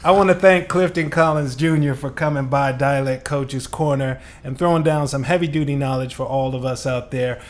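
A man's voice: mid-range voice, fairly even intonation, moderate pace, hardly any pauses. A man hosting a podcast as a dialect coach, giving a polished thanks and sign-off to his guest. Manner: polished sign-off, short listening murmurs.

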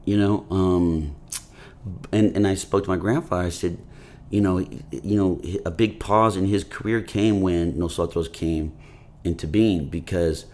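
A man talking as an actor guest in a casual interview, rambling with many "you know" fillers and animated storytelling. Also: deep voice, measured pace. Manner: animated storytelling, voices his grandfather.

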